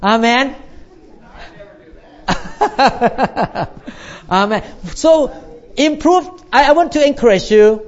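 A man's voice: very high voice, lively intonation, very slow, long pauses, muffled recording. A male pastor delivering a sermon in slightly non-native English phrasing, emphatic and punctuating his points with "Amen".

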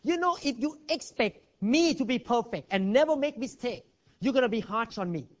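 A male pastor preaching a sermon in non-native English, emphatic and swinging between loud and hushed, recorded in a church hall on a dull lo-fi recording. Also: extremely high pitch, lively intonation, moderate pace.

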